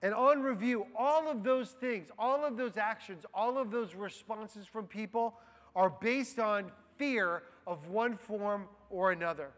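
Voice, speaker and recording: A man preaching a sermon as a pastor, slow and deliberate, letting key phrases fall soft and quiet. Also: high-pitched. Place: church. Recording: long hall reverb.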